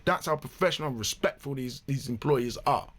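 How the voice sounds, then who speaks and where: A man hosting a reaction video, giving blunt, animated, swear-filled casual commentary. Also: mid-range voice, brisk.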